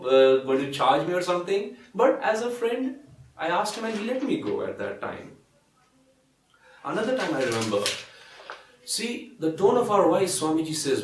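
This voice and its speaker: A man with an Indian English accent giving a spiritual talk, telling stories gently and acting out the voices of the people in them. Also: medium pitch, far from the mic. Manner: gentle, anecdotal, acts out quoted voices. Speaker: spiritual speaker and doctor. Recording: echoey room, voice from off-mic.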